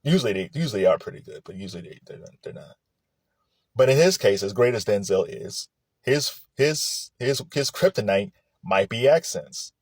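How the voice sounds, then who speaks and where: A man giving casual vlog commentary about movies, chatty and lively, with frequent restarts and laughs. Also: fairly low pitch, a little fast, breathy edge, dry recording.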